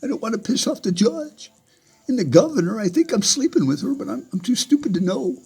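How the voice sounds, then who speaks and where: A man putting on the voice of a panicky, dim-witted male sheriff, in a shrill, whiny falsetto that mocks him. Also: very animated, a little fast, a little mellow, husky, soft background music, full character voice. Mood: panicky whine.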